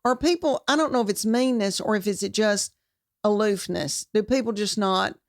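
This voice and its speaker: A woman's voice: medium pitch, moderate pace, dry recording, clean studio sound. A woman from Tennessee with a Southern American accent, a comedian telling folksy stories in a casual interview. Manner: folksy, storytelling, playful quoted voices. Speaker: comedian guest. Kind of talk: casual storytelling chat.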